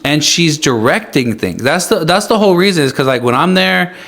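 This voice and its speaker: A man's voice: lively intonation, brisk, fairly bright tone. A young man guesting on a podcast, talking casually with lots of "like" and acting out what other people say. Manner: loose and filler-heavy, acts out voices of others with big jumps in pitch. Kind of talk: casual chat.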